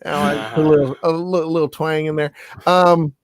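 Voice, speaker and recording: A man from the Southern United States co-hosting a fantasy football podcast, talking in a brisk, playful way. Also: a little high, level tone, no echo. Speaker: podcast co-host. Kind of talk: casual sports chat.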